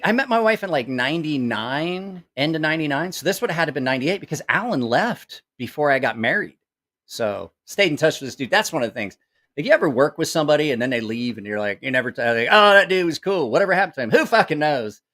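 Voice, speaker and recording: A middle-aged man tells a story in a loose, casual way, and his pitch swings widely up and down. He swears freely, acts out the people in the story and keeps correcting himself as he goes. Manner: profane, animated, acts out quoted voices; rambling with self-corrections. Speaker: channel host.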